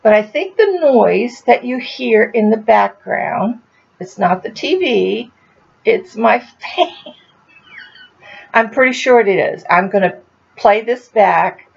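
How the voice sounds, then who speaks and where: A woman's voice: a little high, lively intonation, a little slow, vocal fry, husky, dull audio. A woman from Florida chatting casually to her viewers in a crafting vlog, recorded at home with a fan and air conditioner humming nearby. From Florida, USA. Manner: chatty, talks to viewers directly. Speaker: crafting vlogger. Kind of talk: casual chat to camera. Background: fan and air conditioner hum.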